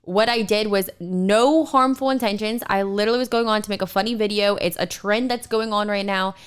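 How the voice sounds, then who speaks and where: A young woman co-hosting a podcast, talking casually with lots of fillers and animated storytelling. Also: mid-range voice, brisk, smooth. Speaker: podcast co-host. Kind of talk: casual chat.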